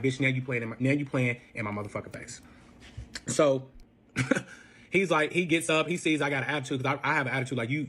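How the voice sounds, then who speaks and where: Fast-talking man telling a wild story. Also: mid-range voice. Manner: animated, profane retelling with acted quotes. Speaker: storyteller guest. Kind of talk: casual storytelling.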